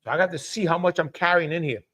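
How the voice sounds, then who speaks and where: Middle-aged guy cooking on a live stream, highish voice, chatty, keeps calling out viewers by name. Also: fast, fairly bright tone. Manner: chatty, greets viewers by name, laughs often. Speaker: cooking show host.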